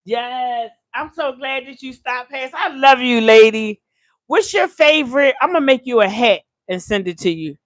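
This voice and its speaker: Older woman, high voice, chatty kitchen livestream host, loose slangy storytelling, dry close sound. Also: expressive, moderate pace, no room sound. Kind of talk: casual live-stream chat while cooking. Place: home kitchen.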